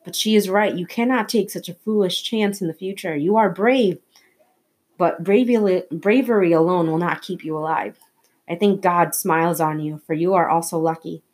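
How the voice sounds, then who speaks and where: A woman voicing a steady grown man, a protective uncle, speaking firmly and earnestly in a read-aloud novel. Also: on the low side, normal speed, natural voice. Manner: firm, earnest storybook dialogue.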